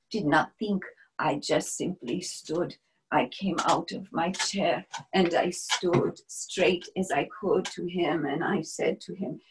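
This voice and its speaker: A brave wartime helper, played by a woman, tells her story in a grave, measured first-person monologue. Her voice sits a little low and sinks at times to a hushed whisper. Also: rough recording. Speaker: stage performer.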